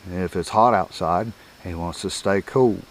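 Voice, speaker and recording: Older man, lowish voice, easygoing rambling how-to talk with chuckles. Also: unhurried. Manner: folksy, rambling, chuckles often. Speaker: coyote hunting instructor. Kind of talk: casual outdoor teaching.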